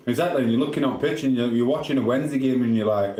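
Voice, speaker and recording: A middle-aged Sheffield-accented man races through his words in a dark, mid-range voice with hardly any pauses. Answering his livestream chat, he rambles cheekily and swears casually; the echoey room recording carries a little hiss or hum.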